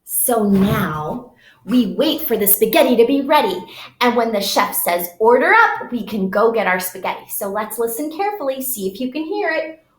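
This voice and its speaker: A woman leading a lesson for small children, drawing out her words in a slow, exaggerated way. Her voice is fairly high and swoops widely in a sing-song manner. The sound comes from an echoey room. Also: lively intonation. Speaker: preschool teacher. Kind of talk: children's lesson with make-believe play.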